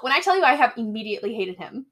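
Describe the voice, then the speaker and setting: A woman's voice: fairly high pitch, big pitch swings, very fast, a bit bright. A young woman co-hosting a podcast, chatting casually as she retells a movie's plot and acts out the characters' lines. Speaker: podcast co-host. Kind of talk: casual chat recapping a movie.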